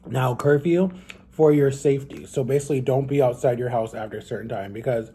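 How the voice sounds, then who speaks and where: A man's voice: mid-range voice, fairly quick, warm tone, slight background noise. A young man talking casually to camera at home, earnest and rambling, often restarting his sentences. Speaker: vlogger.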